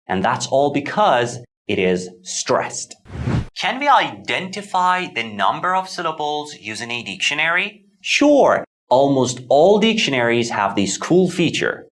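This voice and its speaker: A man teaching English pronunciation in scripted lesson narration, clear and deliberate as he models words. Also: mid-range voice.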